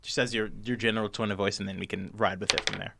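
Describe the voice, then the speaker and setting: A man's voice: on the low side, level tone, fast, vocal fry, noisy background. A man narrating as game master in a tabletop game, rambling with many ums and restarts. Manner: rambling, lots of fillers and restarts.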